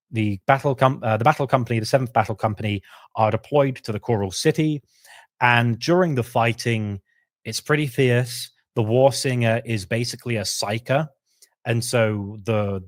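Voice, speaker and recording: A man co-hosting a casual podcast, chatting through a story and acting out characters' lines in quick asides. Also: medium pitch, no echo, clean studio sound. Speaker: podcast co-host. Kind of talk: casual lore discussion.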